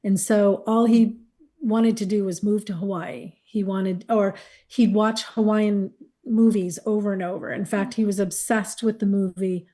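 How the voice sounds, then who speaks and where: A woman recounts her own experiences in an interview. Her voice is warm and mellow. She speaks candidly and reflectively, growing animated when she quotes others. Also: medium pitch, measured pace. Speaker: guest, caregiver wife. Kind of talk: personal interview storytelling.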